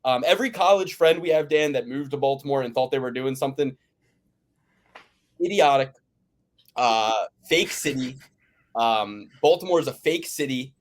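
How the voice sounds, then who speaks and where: A man's voice: mid-range voice, moderate pace, pauses often. A man from the Philadelphia area hosting a casual sports betting chat, ranting and swearing with lots of restarts. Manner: ranting, profane, rambling with restarts. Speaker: podcast host.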